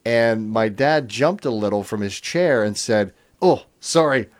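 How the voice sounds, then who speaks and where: Low-voiced male radio host reading comments. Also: measured pace. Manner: chuckling, relaxed storytelling with fillers. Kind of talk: reading listener comments on air.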